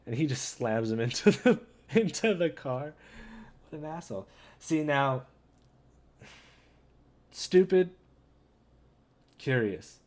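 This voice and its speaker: A man hosting a gaming channel, reading a comic with viewers in an excitable, chatty way and talking straight to them. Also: fairly high pitch, takes it slowly, long pauses. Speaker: gaming YouTuber. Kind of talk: casual read-along commentary.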